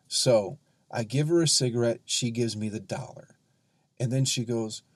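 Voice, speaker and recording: A man, a comedian hosting his own podcast, ranting heatedly and sarcastically with lots of profanity and drawn-out emphasis. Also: mid-range voice, dry recording. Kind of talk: ranting solo podcast monologue.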